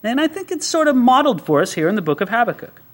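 A man's voice: very high voice, sing-song, fast talker. A male pastor preaching a sermon, with acted asides and everyday examples.

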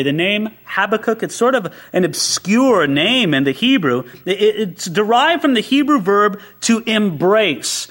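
A man's voice: high voice, fairly bright tone. A man preaching a sermon to his congregation, reading scripture and asking rhetorical questions, his voice rising sharply on quoted prayers. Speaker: pastor.

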